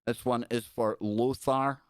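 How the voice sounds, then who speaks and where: A man's voice: medium pitch, fairly even intonation, unhurried, heavy background noise. A Scottish man hosting a live call-in radio show, chatting loosely and reading news stories aloud with rambling asides. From Scotland.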